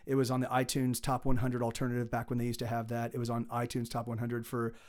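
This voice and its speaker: A man's voice: medium pitch, monotone, quick pace, darkish tone. A middle-aged male musician streaming live, chatting casually between songs and rambling with many restarts. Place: home streaming setup.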